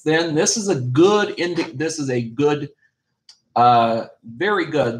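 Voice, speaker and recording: A man co-hosting a podcast, giving casual movie reviews with blunt, emphatic verdicts. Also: medium pitch. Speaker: podcast co-host.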